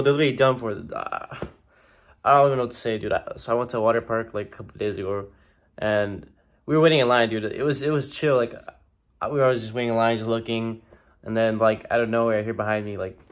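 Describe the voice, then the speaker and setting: A young man ranting in a casual, slangy way, exasperated and swearing a lot. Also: mid-range voice. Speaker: vlogger. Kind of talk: casual rant to camera.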